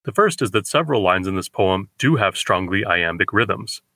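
Measured man explaining poetry, bright tone. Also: low-pitched, expressive, no echo. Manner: measured, explanatory, slows for quoted verse. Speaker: poetry podcast host. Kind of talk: lecture on poetry with readings.

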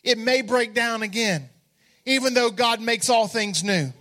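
High-voiced animated preaching man. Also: measured pace. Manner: energetic, humorous, calls out to the congregation. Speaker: pastor. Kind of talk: storytelling sermon.

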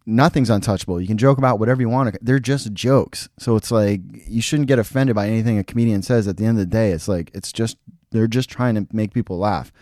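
Male podcast host, solo, low voice, dry close sound, blunt and profane. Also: quick pace, darkish tone, no echo. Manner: blunt, opinionated, swears freely. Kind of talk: casual solo review.

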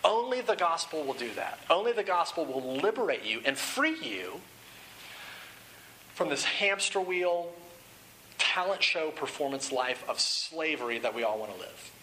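A man in his thirties preaches a sermon in a bright, forceful voice, pitched a touch high. He tells stories casually, with restarts, then builds to an earnest exhortation. A faint hiss sits under the recording. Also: very animated, moderate pace, poor audio. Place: room with an audience.

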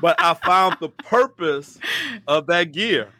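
A man's voice: on the high side, expressive, slow, dry recording. A man who is a guest on a podcast, chatting in a friendly way, often laughing and restarting his sentences. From Michigan. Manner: warm, laughing, stammers and restarts. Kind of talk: casual interview chat.

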